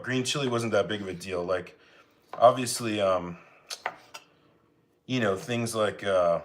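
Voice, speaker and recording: A man hosting a live home cooking stream, chatting casually with viewers and greeting them by name as he cooks. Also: fairly low pitch. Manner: relaxed, rambling, greets chat by name. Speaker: cooking livestream host. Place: home kitchen.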